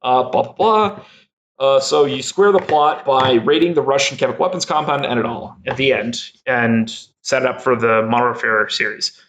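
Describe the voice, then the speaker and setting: A man's voice: medium pitch, moderate pace, a bit bright. A young man chatting as a podcast guest, rambling and laughing a lot with many fillers. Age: young adult. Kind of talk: casual chat.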